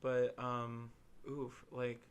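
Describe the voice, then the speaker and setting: A man's voice: medium pitch, drawn-out words, clear, resonant tone. A young man from Illinois co-hosting a podcast, telling stories in a rambling way with lots of fillers. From Illinois, USA. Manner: rambling, filler-heavy storytelling with animated quoted voices. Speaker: podcast co-host. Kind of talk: casual chat.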